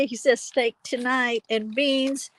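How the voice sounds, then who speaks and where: A woman hosting a casual live phone stream from her backyard garden, talking loudly and rambling with fillers. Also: high voice, steady tone, slow pace, no room sound, low-quality recording. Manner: loud, chatty, rambling with fillers. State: hard of hearing. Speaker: channel host. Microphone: phone held while walking.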